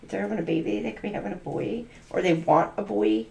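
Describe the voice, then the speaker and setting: A woman's voice: fairly low pitch, very animated, fast, creaky, a little mellow, reverberant. A woman doing a channeled tarot reading, musing aloud and free-associating letters, numbers and words. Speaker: tarot reader.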